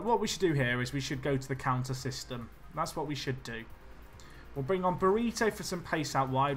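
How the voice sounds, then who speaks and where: This is live game commentary from a man playing a football management title on stream; his nervous chatter swings between hushed mumbling and frantic yelling.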